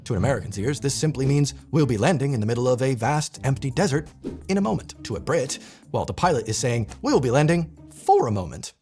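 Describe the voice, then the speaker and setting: A man's voice: mid-range voice, big pitch swings, quick pace, a little mellow, faint music behind. A man presenting a scripted explainer video with a playful delivery and wry asides.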